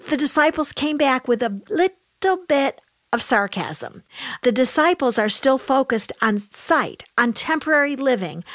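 A woman preaching a sermon in an emphatic way, dropping to soft low asides and rising to raised exclamations. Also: dry recording, studio quality. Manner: addresses listeners as "honey".

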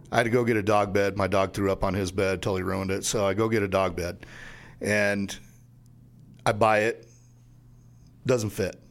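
A man co-hosting a casual chat show, telling stories in a blunt and emphatic way. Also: fairly low pitch.

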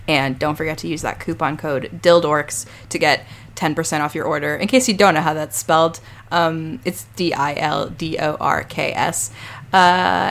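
A woman co-hosting a podcast in casual, candid chat, her voice low and gravelly this week. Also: fairly bright tone. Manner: chatty and candid. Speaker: podcast co-host.

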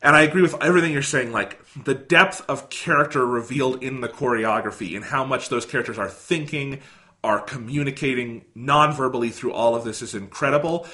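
A man's voice: mid-range voice, fairly quick, sharp tone. A man co-hosting a podcast, talking about films in an enthusiastic, emphatic way and swearing casually. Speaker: podcast co-host. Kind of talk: casual film discussion.

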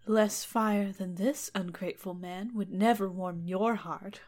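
A woman's voice: mid-range voice, steady tone, measured pace, darkish tone, close to an everyday voice. A woman voices an ugly old fairy who loves without hope, swinging between disdain and pleading. The delivery is a mock-dramatic comic reading. The voice sits in a middling range. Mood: overwrought. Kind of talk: comedic storytelling reading.

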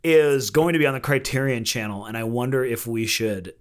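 A man's voice: mid-range voice, brisk. A man co-hosting a film podcast, chatting casually and teasing his co-host playfully.

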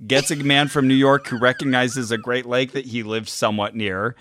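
A man's voice: medium pitch, flat delivery, normal speed, fairly bright tone, slight background noise. A man casually recounting a story on a podcast, acting out the quotes. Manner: recounts events, acts out quotes. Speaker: podcast co-host.

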